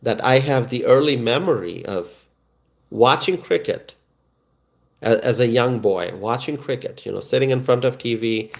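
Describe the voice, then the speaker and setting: A middle-aged man, hosting a casual live stream and chatting to viewers, halting and full of fillers and restarts. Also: mid-range voice, expressive, vocal fry. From Bangladesh.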